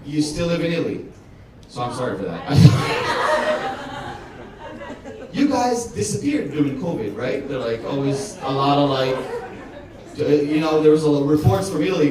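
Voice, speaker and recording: High, lively Israeli comic in a club. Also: male voice, moderate pace, long pauses. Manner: teasing, animated, chatting with the audience. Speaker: stand-up comedian. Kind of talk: stand-up crowd work. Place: comedy club stage. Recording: echoey club from far off with loud crowd. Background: loud audience laughter.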